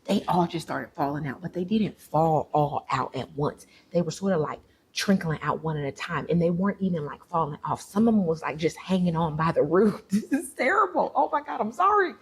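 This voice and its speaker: A woman vlogger telling a story to her viewers in a chatty, animated way, full of fillers. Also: sits low, brisk, breathy edge.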